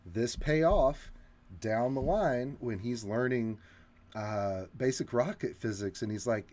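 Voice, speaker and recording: A man's voice: medium pitch, slow, a little mellow. A man co-hosting a casual film discussion, analyzing characters' motives in an explanatory way with occasional fillers. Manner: analytical, breaks down motives and points out scripting.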